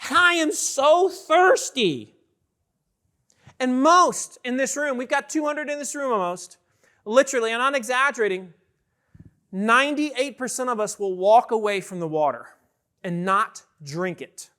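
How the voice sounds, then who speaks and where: Energetic male keynote speaker, very high bright voice, quizzes the audience. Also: moderate pace, smooth. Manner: energetic, questions the audience often. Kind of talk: conference keynote talk. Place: large conference hall with an audience.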